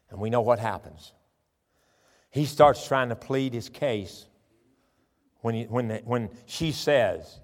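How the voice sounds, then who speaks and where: Animated preacher in a reverberant church. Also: male voice, mid-range voice. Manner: animated storytelling, reading scripture aloud. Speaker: pastor. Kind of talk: sermon. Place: church sanctuary. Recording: long church hall reverb.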